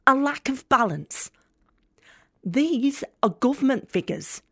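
A woman's voice: high-pitched, animated, slow pace, a bit bright, breathy edge, no room sound, clean studio sound, exaggerated voice. An actress with a Northern English accent plays a young, angry, working-class woman student in a radio drama monologue, speaking in a sardonic, blunt and profane way. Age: young adult.

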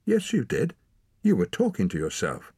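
A man's voice: mid-range voice, huge pitch swings, moderate pace, dark tone, husky, dry recording, studio quality, pitched above the performer's own voice, heavily acted. A man reading an audiobook voices a stubborn, exhausted young girl who mumbles sleepily and snaps back indignantly.

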